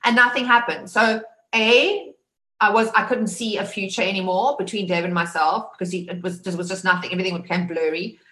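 A woman's voice: medium pitch, fairly quick, bright, forceful tone. A woman from Africa, telling her own story as a survivor, emphatic and full of restarts. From South Africa. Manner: emphatic, repeats words, many restarts. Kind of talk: personal testimony. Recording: roomy echo.

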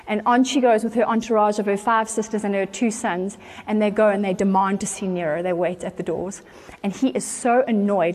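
A woman preaching from a church stage, retelling an old story with earnest conviction. Her voice sits at a middle pitch. She tells the story in an animated way and brings quoted voices to life as she goes. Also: normal speed. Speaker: church speaker. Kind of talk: storytelling sermon.

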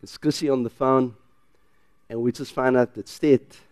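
A man with a South African English accent preaching a sermon in church, swinging from loud emphatic declarations to quiet personal storytelling. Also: medium pitch, fairly even intonation, normal speed, no echo, clean studio sound. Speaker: pastor.

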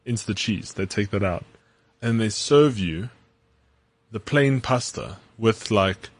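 A man's voice: on the low side, animated, unhurried, dry recording. A man co-hosting a casual podcast, mostly giving short, laid-back replies. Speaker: podcast co-host. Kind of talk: casual chat.

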